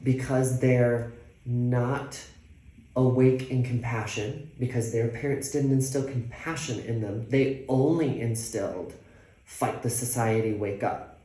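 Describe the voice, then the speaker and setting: A man's voice: mid-range voice, fairly even intonation, unhurried, mellow. A man in a casual conversation, speaking earnestly and repeating his points for emphasis. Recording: echoey room.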